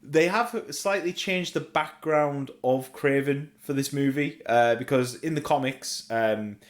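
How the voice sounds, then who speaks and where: A man's voice: mid-range voice, unhurried. A middle-aged Australian man co-hosting a podcast, rambling eagerly like a comic-book fan in casual chat. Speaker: podcast co-host.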